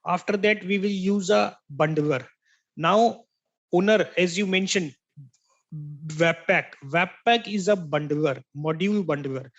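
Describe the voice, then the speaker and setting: A man teaching an online software training class, explaining step by step, repeating key terms and checking in with "right?" after each point. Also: high-pitched, unhurried, highs cut off. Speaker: software instructor. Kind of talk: online tech training lecture.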